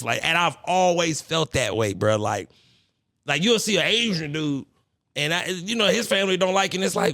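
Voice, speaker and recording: A man hosting a podcast, talking in a casual, profane, animated way. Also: fairly high pitch, moderate pace, creaky, no room sound, clean studio sound. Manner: loud, profane, animated storyteller. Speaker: podcast host. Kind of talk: casual chat.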